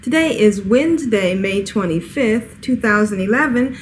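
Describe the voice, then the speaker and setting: A woman's voice: medium pitch, expressive, moderate pace, a little hiss or hum, low-quality recording. A woman hosting a casual podcast chat, giggling often between her lines. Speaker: podcast host.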